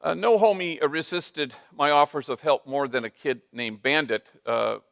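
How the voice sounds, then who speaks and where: A man's voice: on the high side, moderate pace, gravelly, fairly bright tone, no echo. A man, a priest, giving a storytelling talk, sprinkling in Spanish phrases. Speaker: priest and speaker.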